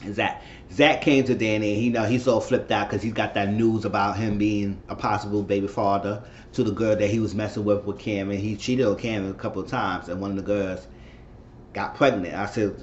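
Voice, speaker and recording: A man's voice: on the low side, lo-fi sound, a little hiss or hum. A man casually recapping and commenting on a TV episode, rambling and repeating himself as he retells it. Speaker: TV episode reviewer.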